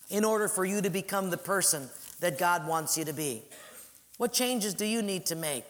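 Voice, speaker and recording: Male preacher, high voice, emphatic sermon delivery, big loud-soft swings. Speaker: pastor.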